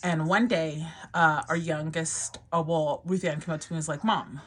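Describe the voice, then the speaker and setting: Woman, 30s, casual vlog chat, somewhat low voice, rambling, lots of fillers. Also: level tone, normal speed, a bit bright. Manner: chatty and rambling, many fillers and restarts, laughs often. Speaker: vlogger, mother.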